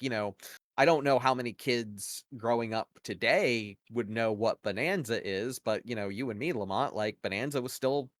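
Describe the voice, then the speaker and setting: Casual male podcast co-host, mid-pitch, dry close sound, opinionated and rambling. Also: fairly bright tone, dry recording. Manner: rambling, heavy use of "like" and "you know" fillers; opinionated, argues points at length. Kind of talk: casual conversational analysis.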